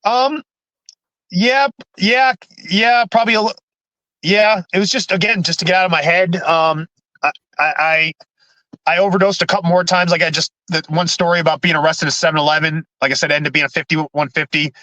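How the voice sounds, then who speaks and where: A man, a podcast guest, telling his own story in a halting way, with many restarts and repeated words. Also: a little high, fairly even intonation, bright, forceful tone, dry recording, low-quality recording. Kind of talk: candid personal storytelling.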